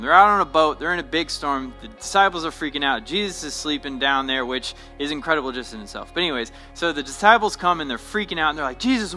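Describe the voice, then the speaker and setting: A man's voice: on the high side, bright, forceful tone, low-quality recording. A young man, a pastor, giving a short devotional talk in a casual, conversational way that often checks in with "right?".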